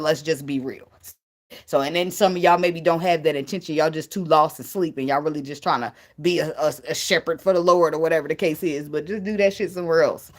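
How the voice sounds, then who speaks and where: A woman tarot reader in a casual spiritual vlog, talking bluntly and emphatically, swearing freely and laughing often. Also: low-pitched.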